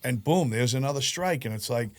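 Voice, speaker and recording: A man tells stories in casual chat. He swears freely and keeps the talk animated, speaking at a middle pitch. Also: a little fast. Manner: profane, animated storyteller. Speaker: podcast guest.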